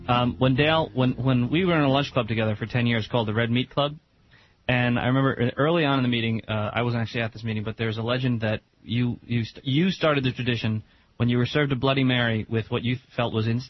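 A man co-hosting a radio talk show, chatty and quick, with frequent restarts. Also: mid-range voice, no echo. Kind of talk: radio interview. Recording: slightly dull radio sound with faint hiss.

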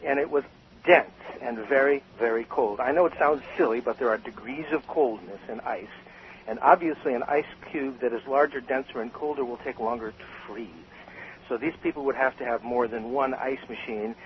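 An older man, a guest on a radio talk show, telling stories about bartending with animated emphasis. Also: mid-range voice, normal speed. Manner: animated storyteller, emphatic with laughs. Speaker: guest, cocktail author and former bartender. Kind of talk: radio interview. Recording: slightly dull radio sound with faint hiss.

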